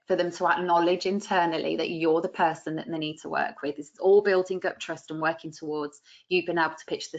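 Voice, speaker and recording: A British woman teaching a masterclass for practitioners, chatty and coaching, acting out client voices as she explains. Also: lowish voice. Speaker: business coach for nutritionists. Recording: muffled lo-fi audio.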